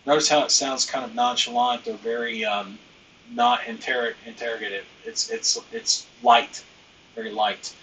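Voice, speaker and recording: A man's voice: on the low side, sing-song, normal speed, vocal fry, bright, forceful tone, distant mic, a little hiss or hum, low-quality recording. A man hosting a business training live stream, talking loosely and emphatically, with lots of fillers and the odd bit of slang.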